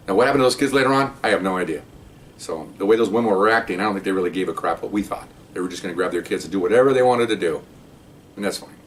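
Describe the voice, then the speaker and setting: Older male ex-cop storyteller, rambling and casual, distant mic, faint rumble. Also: a bit bright. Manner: rambling, tags remarks with "okay?". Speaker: retired police officer storyteller.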